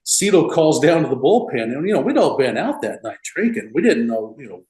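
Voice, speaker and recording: A man in his fifties, a retired relief pitcher, telling old stories as a guest in a casual rambling way full of "you know" and chuckles. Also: very animated, a little fast, a little mellow, roomy sound, poor audio. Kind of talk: casual storytelling interview.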